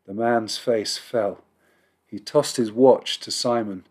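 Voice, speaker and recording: A rabbi reading a holiday children's story aloud in a measured, expressive storybook narration. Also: male voice, fairly low pitch.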